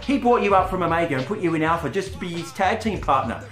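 A man's voice: high-pitched, lively intonation, quick pace, a bit bright. Profane man with a stutter. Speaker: wrestling character cutting a promo. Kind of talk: trash-talk promo. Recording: roomy with faint music behind.

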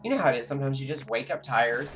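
Though very tired and sleepy, this game streamer talks very fast in an expressive, mid-range voice, rambling to viewers as he plays live. Music can be heard behind him.

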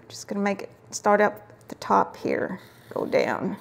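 A woman's voice: mid-range voice, a little slow, gravelly. A middle-aged woman hosting a casual crafting tutorial, chatting while she works and murmuring to herself at times. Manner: chatty, warm asides while working, drifts into murmurs. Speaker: craft video host.

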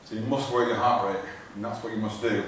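A man's voice: fairly low pitch, fairly even intonation, fast talker, fairly bright tone, slight background noise. A man, a fitness trainer, giving an informal live talk to an audience, repeating himself and restarting sentences, getting out of breath while he exercises. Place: large echoey hall in front of an audience. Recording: echoey hall recording from far off.

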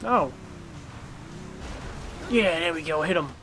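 A rowdy man talks over his gameplay, swearing often and breaking into sudden shouts. His voice sits a little high for a man. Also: expressive, takes it slowly, slight background noise. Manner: rowdy, profane, bursts into shouts. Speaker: gameplay commentator. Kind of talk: casual gameplay commentary.

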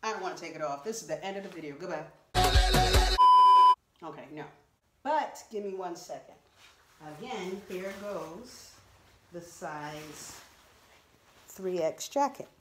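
A woman's voice: on the low side, expressive, unhurried, pauses often, recorded from a distance, over loud music. A woman chatting through a clothing try-on haul video, exclaiming and talking straight to her viewers. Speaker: vlogger. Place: home room. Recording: roomy echo.

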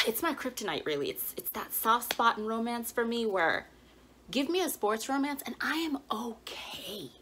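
A woman hosting a casual book vlog at home, playful and animated, often laughing and dropping into stage whispers. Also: mid-range voice. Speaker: book vlogger. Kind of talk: excited casual vlog announcement. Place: home, with dogs nearby.

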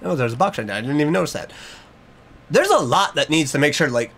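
A man's voice: fairly high pitch, animated, fast talker, fairly bright tone. A young man, giving a jokey, nervous running commentary as he plays a horror game. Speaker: gaming YouTuber.

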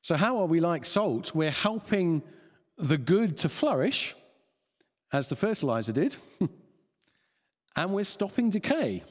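A man's voice: a little high, big pitch swings, unhurried, long pauses. A man preaching a sermon, chuckling often and restarting phrases as he thinks aloud. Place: church hall. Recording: long church reverb.

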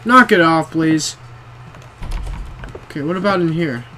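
A man's voice: fairly high pitch, animated, measured pace, pushed and bright, slight background noise. A young man playing a horror game, jumpy, swearing often and talking to himself. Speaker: gamer.

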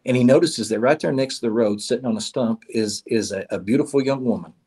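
A man's voice: medium pitch, fast, darkish tone, slightly rough. A man telling a parable at a church in a folksy way, often repeating his words. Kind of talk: told parable.

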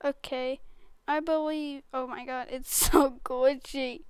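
A woman's voice: high voice, monotone, slow, clean tone, dry recording. A woman giving casual, silly gameplay commentary, often breaking into giggles. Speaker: gaming YouTuber.

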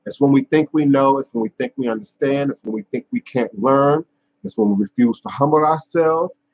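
A man hosting a live stream as a spiritual teacher, talking in a measured, emphatic way with repeated phrases and some fillers, in dull lo-fi audio. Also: medium pitch, darkish tone, a little hiss or hum. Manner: frequent fillers and restarts. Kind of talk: unscripted live-stream talk.

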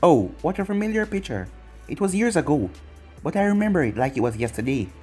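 A reader voicing a cruel young male ninja villain in a fan fiction story, with a taunting, mocking husky delivery. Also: mid-range voice, big pitch swings, brisk, darkish tone, soft background music.

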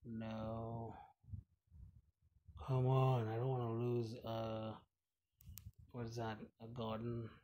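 A man's voice: fairly low pitch, mellow. A man giving casual, rambling commentary while playing a mobile game, chatty and giggly, with many fillers. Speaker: gaming channel host.

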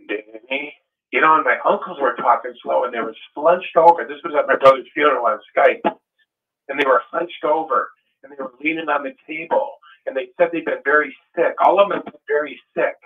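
A man in casual conversation, telling his story earnestly and with animation. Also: on the high side. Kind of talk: casual chat. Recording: tinny phone line.

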